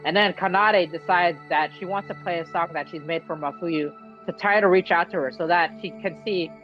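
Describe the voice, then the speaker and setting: Vlogger, excitable and slangy, casual game recap, dull lo-fi mic, soft music under. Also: medium pitch, normal speed. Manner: excitable, slangy, acts out character quotes.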